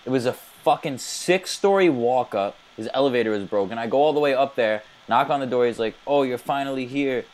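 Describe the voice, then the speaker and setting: Male podcast co-host, quick and profane storyteller, loose and animated. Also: medium pitch. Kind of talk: casual storytelling.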